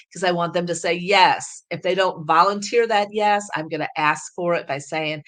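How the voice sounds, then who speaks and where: Woman coach, low-ish voice, upbeat persuasive teaching tone. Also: a little fast, hardly any pauses. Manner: talks through sample scripts, energetic and persuasive. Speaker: sales coach. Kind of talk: coaching lesson.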